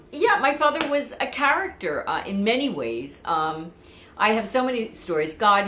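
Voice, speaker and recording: A woman's voice: on the low side, a bit bright. A woman chatting through family memories in a meandering, conversational way, full of asides. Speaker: vlogger. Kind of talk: personal storytelling. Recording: echoey room.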